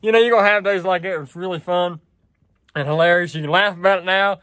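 A man's voice: high voice, steady tone, fast talker, a bit bright, no room sound. A young man telling a story in a casual vlog, rambling and laughing at himself. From West Virginia. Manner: rambling, laughs through the story, self-deprecating. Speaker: vlogger. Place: barn out of the wind.

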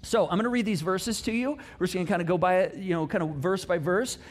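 A middle-aged male pastor giving a casual, conversational sermon, telling the story in an animated way with playful asides and sudden swings in loudness. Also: high-pitched, quick pace.

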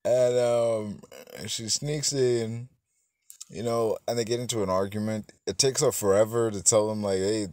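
A man's voice: deep voice, a little mellow, no room sound, studio quality. A man giving a rambling, profane, casual movie review, full of fillers and self-corrections, acting out bits of dialogue as he goes. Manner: acts out characters' lines in snippets.

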